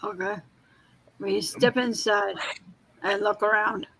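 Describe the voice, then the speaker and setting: Slow, chatty tabletop player. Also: medium pitch, fairly even intonation, gravelly, fairly bright tone, a little hiss or hum, low-quality recording. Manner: chatty, stumbles over words. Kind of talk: casual tabletop play.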